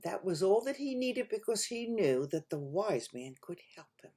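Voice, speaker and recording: Woman storyteller, folk tale for children, expressive, lively, animal noises. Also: medium pitch, normal speed, few pauses.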